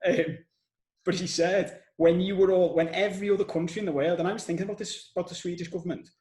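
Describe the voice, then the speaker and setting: Animated Scouse man in a roomy echo. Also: high voice, quick pace. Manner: animated storyteller, swears casually. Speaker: podcast host. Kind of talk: casual conversational podcast chat.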